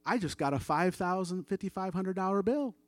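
A middle-aged man gives a church testimony in a relaxed, chatty storytelling voice that sits a bit higher than most men's. He acts out the voices in his story as he goes, and the sound is dry and close, with no room echo. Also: a little fast. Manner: conversational, animated retelling with quoted dialogue. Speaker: church member giving testimony.

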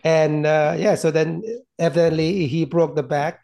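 A man on a movie-review podcast, talking casually in a halting way, often stopping to restart. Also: on the high side, level tone, gravelly, mellow.

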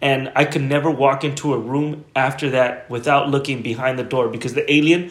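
A man co-hosting a podcast, telling a story in a casual, profane, animated way. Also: mid-range voice, brisk, reverberant. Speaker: podcast co-host.

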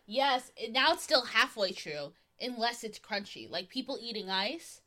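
A young woman co-hosting a casual chat podcast, playful and expressive, swearing freely. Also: fairly high pitch, measured pace. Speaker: podcast co-host.

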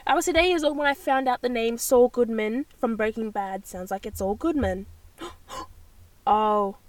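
A woman's voice: on the high side, moderate pace, no room sound. A young woman, hosting a casual solo podcast in a bubbly, rambling way. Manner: bubbly and rambling, with frequent gasps and laughs. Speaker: podcast host.

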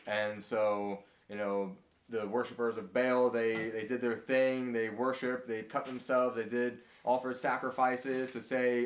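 A man leading a casual Bible study discussion, talking in a halting way with many fillers and restarts. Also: medium pitch, fairly even intonation, reverberant, a little hiss or hum. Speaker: group study leader.

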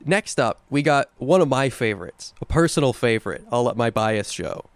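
A man's voice: mid-range voice, lively intonation, moderate pace, no room sound. A young man co-hosting a podcast, chatting casually and playfully, savoring the words he talks about. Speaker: podcast co-host. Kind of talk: casual chat.

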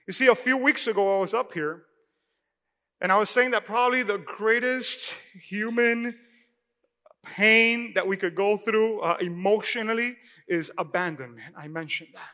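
A male pastor with a high, bright, ringing voice speaks at normal speed to his congregation. Loose and conversational, he tells a personal story studded with "you know," while the church sanctuary stretches his voice into a long echo.

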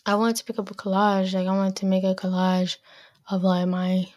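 A woman's voice: medium pitch, level tone, moderate pace, darkish tone, no room sound. Blunt teenage girl ranting, dry sound. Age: teens. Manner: blunt, exasperated, heavy with "like" fillers and swearing. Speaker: podcast host. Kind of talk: casual solo rant.

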